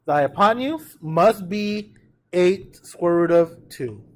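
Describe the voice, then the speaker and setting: A fairly high-voiced man teaching a math lesson in a classroom. He talks in a chatty, informal way, keeps asking the students if they're okay, and slows right down whenever he reads out numbers. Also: lively intonation. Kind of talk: classroom lecture on trig notes.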